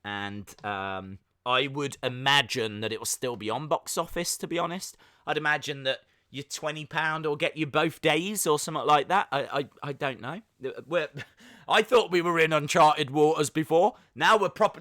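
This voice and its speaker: A man's voice: a little high, moderate pace, sharp tone. A man hosting a live wrestling reaction stream, chatty and jokey, often laughing and slipping into mock voices. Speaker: livestream host.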